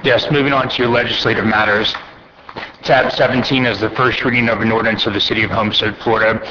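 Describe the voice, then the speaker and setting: A man's voice: on the low side, pushed and bright. A man chairing a city council meeting as mayor, reading resolutions and calling votes in a formal, procedural manner. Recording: muffled council chamber audio with faint hiss.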